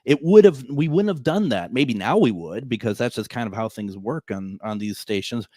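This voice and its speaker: A radio host in his forties tells listeners a story from the studio, rambling and chatty, restarting often, correcting himself and chuckling along the way. His mid-range voice is animated and warm, at a moderate pace. The recording is dry, with clean studio sound.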